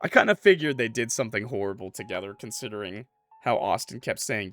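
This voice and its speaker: A very animated man with a mid-range, fairly bright voice talks a little fast as he plays a horror game, reading its text and adding relaxed commentary. This streamer says "like" and "bro" often, with soft music behind him and no echo.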